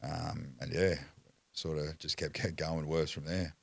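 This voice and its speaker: A man's voice: a bass voice, level tone, a little slow, creaky, no echo. An Australian man telling a story as a podcast guest, blunt and foul-mouthed in casual chat. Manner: blunt, heavy swearing, acts out quotes.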